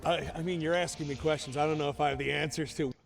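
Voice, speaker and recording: A man's voice: a little high, fairly even intonation, fast, vocal fry, faint music behind. A man in a streamed clip who explains what happened in a hesitant, plain way.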